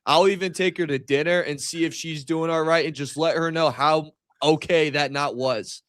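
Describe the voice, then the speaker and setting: A man's voice: a little high, steady tone, moderate pace, fairly bright tone, no room sound. A man co-hosting a sports podcast, joking and bantering playfully. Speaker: podcast co-host. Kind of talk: casual sports podcast chat.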